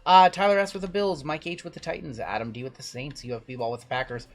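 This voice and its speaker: A man's voice: a little high, fairly even intonation, fast talker. A man hosting a live card-break stream in a casual, chatty way. He rattles off long lists of names and teams and answers chat as he goes.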